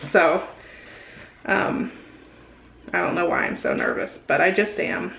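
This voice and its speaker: A young woman vlogging to camera, chatty and excited, full of likes and quick asides. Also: lowish voice, gravelly, a little hiss or hum, rough recording. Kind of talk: casual vlog to camera.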